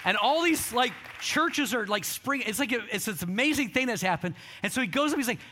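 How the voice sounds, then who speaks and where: A middle-aged man preaches with a notably high, bright voice. He tells stories, slips into quoted voices, and calls on the congregation to answer back. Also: lively intonation, brisk. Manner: storytelling with quoted voices, call-and-response. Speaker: pastor. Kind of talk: sermon.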